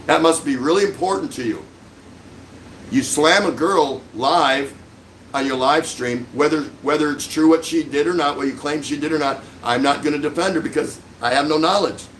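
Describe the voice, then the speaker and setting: A man's voice: on the high side, moderate pace, a bit bright, a little hiss or hum, poor audio. A middle-aged man hosting a livestream, delivering an angry, sarcastic rant full of insults. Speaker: livestream host.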